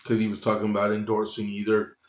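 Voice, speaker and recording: A man with a lowish voice runs a casual morning news livestream and chats straight to his viewers. He talks slowly and loosely with plenty of fillers, his tone staying flat, and the room around him rings with echo. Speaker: host. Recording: echoey room.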